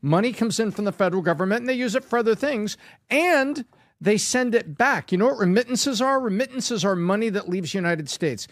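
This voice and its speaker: A man's voice: sits high, expressive, fairly quick, dry recording, clean studio sound. A man in a heated podcast discussion, emphatic and repeating words for effect. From Canada. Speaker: political commentator, podcast guest.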